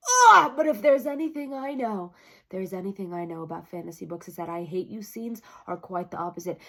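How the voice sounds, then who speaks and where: A woman gushing over a book in a review vlog, effusive, squealing and shrieking with excitement. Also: mid-range voice, a little fast, gravelly. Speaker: book vlogger.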